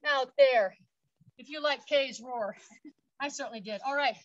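A woman's voice: high-pitched, measured pace, lo-fi sound, slight background noise. A woman park guide leading an outdoor workout, upbeat, counting reps aloud and cheering, a little out of breath. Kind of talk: instructional exercise demonstration.

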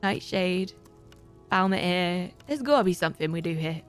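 A woman's voice: lowish voice, lively intonation, normal speed, smooth, faint music behind. A woman livestreaming a video game, rambling in a playful, self-mocking way to her chat. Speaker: livestreaming gamer. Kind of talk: casual gaming commentary.

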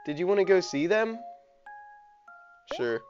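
A gamer voicing a calm, responsible older boy with a gentle, peacemaking manner, over a dull lo-fi mic with faint game music. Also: medium pitch, a little slow, voice pushed up. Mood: friendly.

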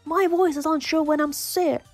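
A woman's voice: high-pitched, fairly even intonation, moderate pace, soft background music, pitched above the performer's own voice. A woman voicing a rowdy young punk fan gang member, brash and whiny, reading game dialogue aloud.

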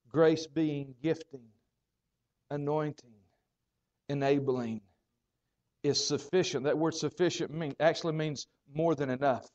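A man preaching a sermon as pastor, building phrases through repetition and dramatic pauses. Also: a little high, steady tone, a little mellow.

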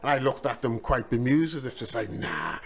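A man's voice: mid-range voice, fast talker, crowd noise. A middle-aged man with a Liverpool accent, an author and taxi driver, chatting casually on a podcast and telling his story at an easy pace with lots of "you know" asides.

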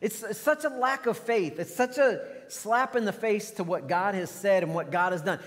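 A man with an American accent preaching a sermon, animated and full of rhetorical questions. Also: sits high, moderate pace, hardly any pauses. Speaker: pastor. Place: large church sanctuary. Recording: long church hall reverb.

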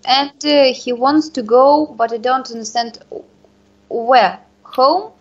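Brief: high-pitched woman student, native Russian speaker, slow and hesitant, on a muffled call line. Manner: hesitant, searching for words. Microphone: video call.

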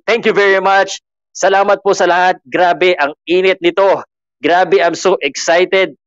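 A man giving excitable live reaction commentary on a boxing match, switching between English and Tagalog. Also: high-pitched, moderate pace, no room sound, lo-fi sound. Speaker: sports commentator.

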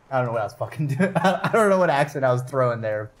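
Excitable man yelping over gameplay. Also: mid-range voice, quick pace, hardly any pauses. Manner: excitable, swears and yelps at the game. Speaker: streamer. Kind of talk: casual gameplay commentary.

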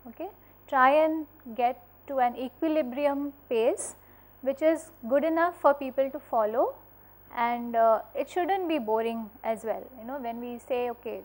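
A woman with a high-pitched voice gives practical tips in an informal spoken lesson. She speaks in a friendly, instructive way, pausing on small fillers and often asking "okay?" to check in with her listeners. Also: a little mellow. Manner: uses fillers and restarts.

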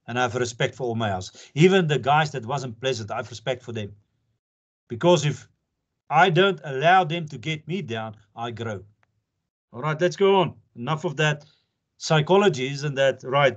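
Chatty older man lecturing, lo-fi sound. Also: medium pitch. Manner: chatty, jokey, earnest, laughs often. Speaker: advocate lecturing pupils. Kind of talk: informal lecture with anecdotes. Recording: dull lo-fi lecture recording.

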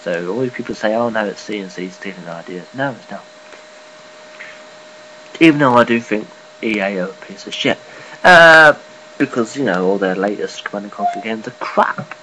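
A man giving a casual, rambling vlog update, swearing offhandedly and filling pauses. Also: fairly low pitch, lively intonation, background noise. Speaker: gaming and news vlogger.

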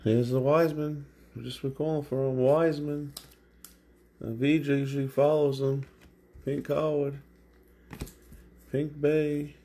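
A man's voice: fairly high pitch, flat delivery, a little slow, pauses often, mellow, a little hiss or hum. A man hosting a card break, calling out card names one at a time as he opens packs. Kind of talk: live card-break commentary. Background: crinkling and tearing of packs.

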